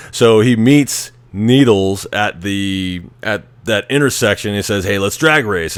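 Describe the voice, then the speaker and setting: A man's voice: on the low side, clean tone, dry recording. A man hosting a show, chatting casually about a film, rambling and often restarting his sentences. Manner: rambling, restarts often, acts out quoted lines. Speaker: podcast host. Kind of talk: casual movie commentary.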